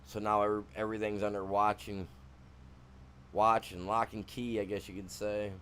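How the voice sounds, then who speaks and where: Easygoing Michigan man, low voice. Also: level tone, normal speed, fairly bright tone, slight background noise. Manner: rambling, slangy and easygoing. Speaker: game streamer. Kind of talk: casual gameplay chat.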